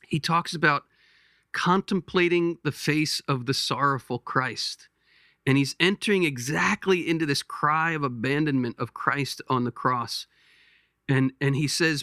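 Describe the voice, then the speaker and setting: A man hosting a podcast, giving a slow pastoral reflection, gentle and halting, often repeating words as he searches for them. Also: a little high, clean tone, dry recording, clean studio sound. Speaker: podcast host.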